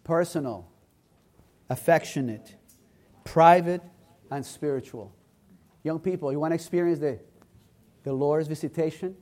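Earnest male preacher, slightly high voice. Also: dark tone. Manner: earnest, emphatic, repeats phrases in rising cadence. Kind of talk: sermon.

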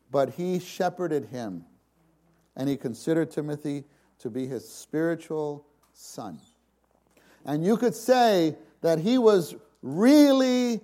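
A man preaching a sermon, shifting from hushed, slow passages to sudden loud, dramatic exclamations. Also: a little high. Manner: slow, emphatic delivery.

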